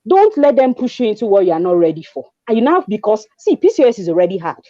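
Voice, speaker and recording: Animated Nigerian woman telling a story. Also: mid-range voice, quick pace, dry recording, muffled recording. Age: 20s. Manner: animated storyteller, acts out dialogue, mixes in pidgin. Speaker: guest. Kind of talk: conversational testimony.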